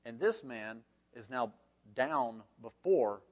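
A man's voice: mid-range voice, animated, takes it slowly, dull audio. A man leading a Bible study class, reading scripture aloud and explaining it in a folksy, conversational way with frequent asides.

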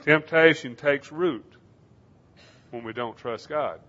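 A man preaching a sermon, slowing down to stress key phrases in a measured, emphatic delivery. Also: a little high, sharp tone. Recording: dull lo-fi sermon recording.

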